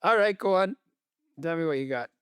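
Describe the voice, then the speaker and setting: A man's voice: a little high, animated, fairly quick, a bit bright, clean tone, dry recording. A man co-hosting a football podcast, chatting in a laid-back way with wry teasing. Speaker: podcast co-host. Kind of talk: casual football chat.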